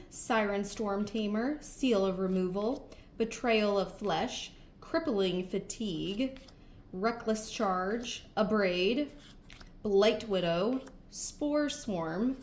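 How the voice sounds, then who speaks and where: Casual female co-host reading cards in a steady run, roomy echo, faint hiss. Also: medium pitch. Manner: brisk listing of card names in a steady run. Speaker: co-host opening card packs. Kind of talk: casual card opening chat. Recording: echoey room, faint background noise.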